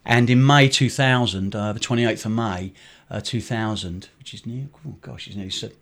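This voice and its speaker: A man's voice: fairly low pitch, normal speed. A middle-aged man, a charity director, telling a story in an interview in a rambling way with many fillers and restarts. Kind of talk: conversational storytelling.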